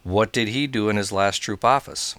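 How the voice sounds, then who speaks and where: A man hosting a scouting show, calmly talking through advice and telling a joke story. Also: on the low side, normal speed, clear, resonant tone, no room sound. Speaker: scoutmaster, podcast host.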